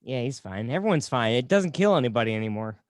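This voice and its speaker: A man's voice: mid-range voice, big pitch swings, dry recording, studio quality. A man co-hosting a comedy podcast, joking and telling stories in casual chat. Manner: joking, storytelling, quick bursts. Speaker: podcast co-host.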